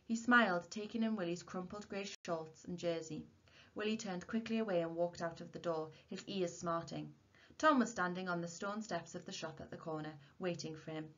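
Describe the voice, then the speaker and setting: Woman teacher, low voice, reading a story aloud, dull lo-fi recording. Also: normal speed. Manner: steady, expressive storytelling. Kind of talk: reading a novel aloud to a class.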